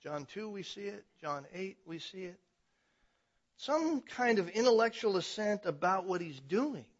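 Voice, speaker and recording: A man preaching a sermon as pastor, emphatic, building to loud passionate stretches. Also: high-pitched, very animated, a little slow, lo-fi sound.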